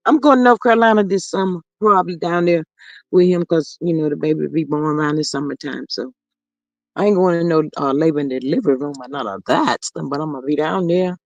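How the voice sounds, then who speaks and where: On her laid-back livestream, a middle-aged grandmother talks fast in a low-pitched voice, reading comments aloud and chatting in a folksy, talkative way. "Lord have mercy" comes up often, and the recording is dry and dull.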